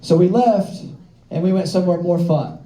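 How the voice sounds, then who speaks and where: High-voiced young comic on a club stage. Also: male voice, normal speed, dark tone. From American South. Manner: loose, rambling delivery with filler words. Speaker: stand-up comedian. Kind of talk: stand-up comedy set. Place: comedy club stage with live audience. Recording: roomy club with audience laughter.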